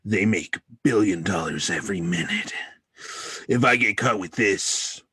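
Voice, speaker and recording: Husky low guy doing mock-dramatic narration, slow, dead dry sound. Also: lively intonation, sharp tone, no echo. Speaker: podcast host. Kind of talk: improvised parody narration.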